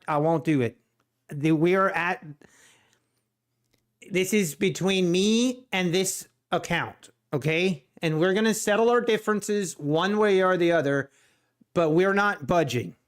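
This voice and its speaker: Man, live stream host, excitable, laughs a lot, high voice. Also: clean tone. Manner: excitable, laughs often, repeats himself. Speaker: day-trading livestream host.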